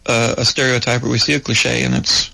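Gravelly, husky-voiced filmmaker man. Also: medium pitch, level tone, fairly quick, bright, forceful tone, poor audio. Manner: reflective, repeats words while thinking. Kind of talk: casual conversation.

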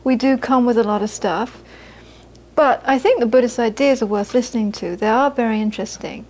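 A woman's voice: on the high side, brisk, darkish tone, low-quality recording. A woman giving a live Buddhist talk to an audience, earnest and repeating phrases for emphasis. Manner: earnest, repeats phrases for emphasis, laughs while telling stories. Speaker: Buddhist teacher.

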